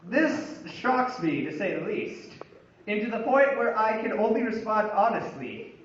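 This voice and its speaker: A man's voice: sits high, very animated, a little slow, fairly bright tone, slight background noise. A man telling a humorous story about himself as a monologue, with wry, building comic exasperation. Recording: very echoey, distant, dull room recording.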